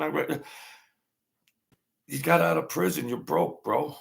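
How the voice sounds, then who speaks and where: A man's voice: mid-range voice, unhurried, vocal fry, fairly bright tone. An older man, host of his own channel, telling a rambling story in a blunt, wary, streetwise way.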